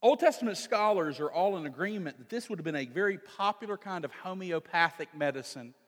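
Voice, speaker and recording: A male pastor preaching in a church sanctuary, his fairly high voice carried by a long hall reverb. He reads scripture and then explains it earnestly. He slows down and grows louder when he stresses a point. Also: lively intonation. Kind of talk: sermon with scripture reading.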